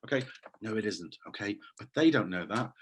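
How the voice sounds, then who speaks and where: A man leading an online teacher training session over a video call, enthusiastic and animated as he quizzes his audience. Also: on the low side, brisk, a little hiss or hum. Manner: quizzes the audience, reads names from chat.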